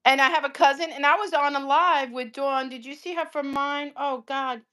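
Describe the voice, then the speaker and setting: A woman's voice: high voice, steady tone, moderate pace, bright, forceful tone. A woman with a New York accent, chatting casually and at length on a livestream. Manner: rambling, talkative. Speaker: livestream guest. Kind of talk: casual live chat.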